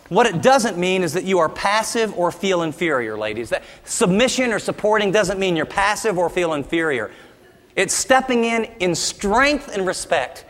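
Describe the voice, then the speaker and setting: A man's voice: sits high, a bit bright, long reverb tail. A man preaching a sermon as pastor, emphatic and with humorous asides.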